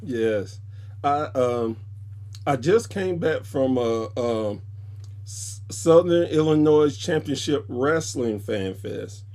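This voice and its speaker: A man's voice: medium pitch, animated, takes it slowly, darkish tone. A man, a podcast guest, telling stories casually and animatedly, jumping into other people's voices when he quotes them. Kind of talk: casual storytelling.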